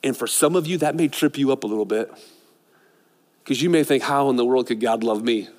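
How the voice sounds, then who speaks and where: A middle-aged pastor preaches a sermon, swinging from loud, excited passages to hushed, intimate ones. His voice is mid-range and fairly quick, carried by a long hall reverb.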